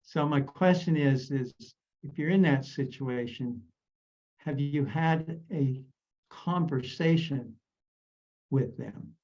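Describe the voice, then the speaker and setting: A man from Idaho with a fairly high voice, explaining his coaching ideas in a steady, measured way. His voice comes through dull and lo-fi, like call audio. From Idaho, USA. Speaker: habit coach guest. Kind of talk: coaching talk on a video call.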